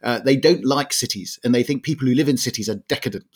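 Fast-talking husky man. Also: medium pitch. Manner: explains at length with many restarts and "I mean". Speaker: guest historian. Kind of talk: casual conversational explaining.

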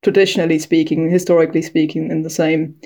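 Brief: woman guest historian, flat delivery, lower voice, long winding explanations. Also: fast talker. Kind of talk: expert conversation.

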